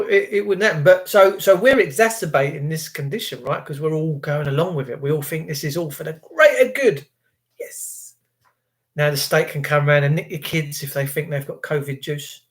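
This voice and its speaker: A man, ranting and swearing angrily to viewers on a live stream, with sarcastic asides. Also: a little high.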